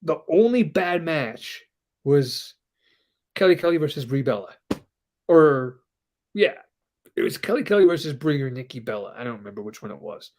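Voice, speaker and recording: Animated young man telling stories. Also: on the high side, normal speed, pauses often. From Denver, Colorado. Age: 20s. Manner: animated storyteller, acts out quotes. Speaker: podcast co-host. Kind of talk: casual chat.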